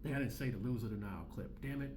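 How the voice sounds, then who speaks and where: A man in his forties hosting his own channel, ranting in loud, profane, repetitive slang. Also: mid-range voice, quick pace, reverberant, background noise. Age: 40s. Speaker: commentary channel host. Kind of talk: ranting commentary.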